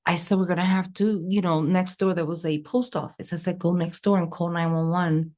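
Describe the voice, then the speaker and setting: A woman psychic medium telling a personal story in an interview, animated and acting out the dialogue. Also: lowish voice, brisk. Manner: animated, acts out quoted dialogue. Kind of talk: emotional storytelling.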